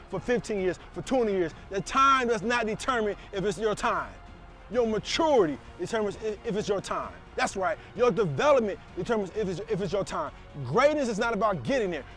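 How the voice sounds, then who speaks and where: A middle-aged man delivers a preachy motivational talk, full of emphatic repetition and call-outs. His speaking voice sits high for a man. Soft music plays faintly behind him. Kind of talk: motivational speech to camera.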